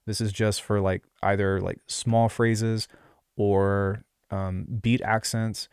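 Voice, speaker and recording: A man's voice: on the low side, little pitch movement, takes it slowly, a little mellow, clean tone, no echo. A man giving a casual music production tutorial, rambling and offhand, with many fillers and asides, on a close desk mic. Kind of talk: casual screen-recorded tutorial.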